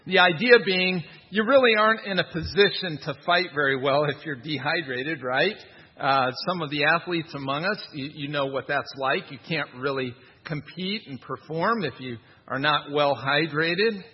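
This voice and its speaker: A man's voice: fairly high pitch, moderate pace, slightly rough, in a large hall, dull audio. A man preaching a sermon in a conversational, wry manner, with rhetorical asides. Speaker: pastor.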